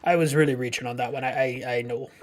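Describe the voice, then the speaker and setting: A man's voice: mid-range voice, fairly even intonation, fast talker, slight background noise. A man streaming a farming game, chatting casually and thinking aloud, with fillers and self-corrections. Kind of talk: casual live gameplay commentary.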